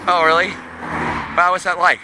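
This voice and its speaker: A man's voice: high-pitched, monotone, normal speed. A man rambling and swearing constantly while walking along a town street, talking to an unseen listener he calls sweetie. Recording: loud street and traffic noise.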